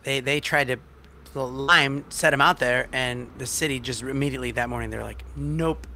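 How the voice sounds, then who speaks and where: A man's voice: mid-range voice, fairly even intonation, normal speed, bright, forceful tone, slight background noise. A man co-hosting a stream, chatting casually and rambling with lots of fillers and restarts. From outside Australia. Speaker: stream co-host. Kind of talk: casual chat.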